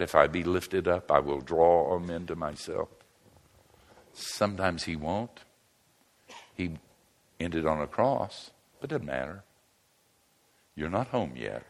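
A man's voice: extremely low pitch, slight background noise. An older man preaching a humorous sermon, telling stories and joking with the crowd. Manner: animated storytelling, joking with the crowd. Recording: long hall reverb.

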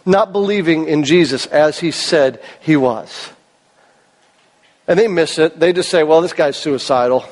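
High-voiced preacher with a cracking voice. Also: male voice, a little slow. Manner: earnest, emphatic, asks the congregation questions. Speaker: pastor. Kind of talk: sermon. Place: church service hall. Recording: long reverb of a large hall.

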